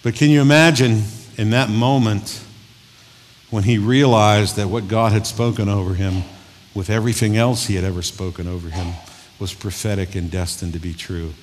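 A man's voice: lowish voice, fairly even intonation, moderate pace. Folksy preacher man in an echoey hall. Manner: folksy, joking, conversational preaching. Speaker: pastor. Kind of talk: sermon. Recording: long hall reverb.

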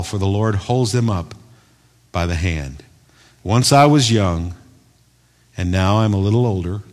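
Male pastor, animated sermon delivery, loud peaks and soft asides, reverberant hall. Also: sits low. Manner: animated preaching, swinging from loud emphatic bursts to quiet asides.

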